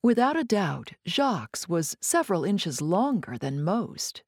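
A woman narrating an audiobook in a playful, savoring manner, with teasing pauses, on a close studio mic. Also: on the low side, sing-song, darkish tone, dry recording.

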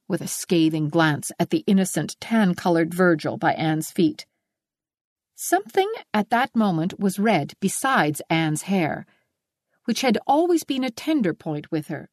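Expressive woman reading a classic novel. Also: on the low side, normal speed, no echo, clean studio sound. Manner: expressive storytelling. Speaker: audiobook narrator. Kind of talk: scripted narration of a classic novel.

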